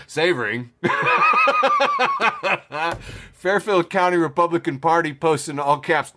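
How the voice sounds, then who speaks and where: A man's voice: a little high, drawn-out words, pauses often, pushed and bright. A man hosting a podcast, reading social media posts aloud with sarcastic commentary, laughing often and swearing freely. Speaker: podcast host.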